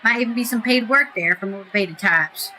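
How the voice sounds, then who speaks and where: Woman voicing a gruff scornful townsman. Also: fairly high pitch, a little fast, sharp tone, a little hiss or hum, low-quality recording. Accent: British attempt. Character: gruff male townsman agitator, blunt and scornful.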